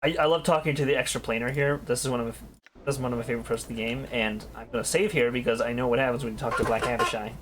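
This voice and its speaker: A man's voice: medium pitch, steady tone, rapid-fire, a bit bright, a little hiss or hum. A man streaming a video game, chatting casually, thinking aloud, swearing freely and reading on-screen text aloud.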